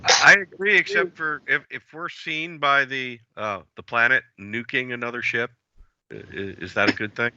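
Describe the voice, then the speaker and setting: A man's voice: mid-range voice, moderate pace, bright, forceful tone, no room sound, muffled recording. A man playing a tabletop game, stammering and hesitant as he speaks. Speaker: player. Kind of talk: casual chat.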